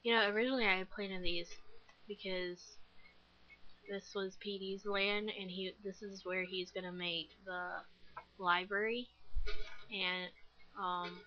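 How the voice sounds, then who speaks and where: A woman's voice: mid-range voice, steady tone, a little slow, long pauses, sharp tone, highs cut off. A nineteen-year-old woman chatting casually while playing a game, rambling with many fillers and self-deprecating giggles. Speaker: gaming vlogger. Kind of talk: casual gameplay commentary.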